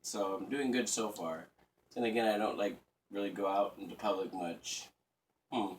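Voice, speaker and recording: A man's voice: fairly low pitch, steady tone, moderate pace, a little hiss or hum. Profane, rambling man, off-mic. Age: 30s. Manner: crude, profane, rambling, sarcastic. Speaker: vlogger. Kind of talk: casual rambling rant. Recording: voice a bit distant from the mic.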